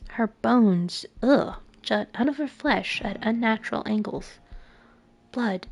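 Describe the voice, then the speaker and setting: A woman streamer reading a visual novel aloud, slow and emotive, with frequent soft, breathy asides. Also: fairly high pitch.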